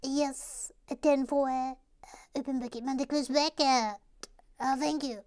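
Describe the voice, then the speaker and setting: A chirpy little woman called Little Sue chatters away in a bright, quick manner, as a woman puts her on. Her voice sits high and light, clearly above an ordinary speaking pitch. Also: fairly even intonation.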